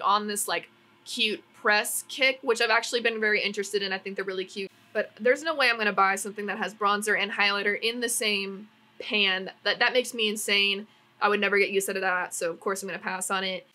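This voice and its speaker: A woman's voice: on the high side, pushed and bright. A young woman vlogging at home, giving rambling, exasperated opinions on new makeup releases with lots of "like" fillers. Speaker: beauty vlogger. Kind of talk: casual opinionated product review. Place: home, neighbors' yard work nearby.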